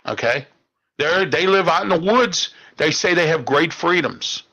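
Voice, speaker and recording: An indignant Pittsburgh-area talk show host rants about politics, ending phrases with "okay?" and repeating "all right?" His fairly high voice is animated yet a little slow, pushed and bright, and the recording has its highs cut off.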